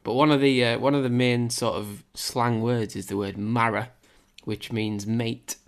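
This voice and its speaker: A man's voice: medium pitch, steady tone, measured pace, creaky. A young man from Cumbria with a light Cumbrian accent, chatting hesitantly on a football podcast with many restarts. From Cumbria, England. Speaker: podcast co-host. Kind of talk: casual football podcast chat.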